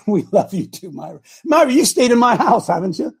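A middle-aged man hosting a casual morning show, rambling and repeating himself, with sudden loud outbursts. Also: sits high, big pitch swings, moderate pace, gravelly, slightly rough. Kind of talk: casual live-stream talk.

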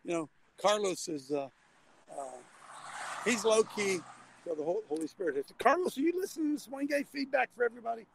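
A man's voice: extremely high pitch, expressive, fast, creaky, noisy background. An older man hosting a casual call-in talk show, rambling and folksy with frequent restarts, talking from a vehicle.

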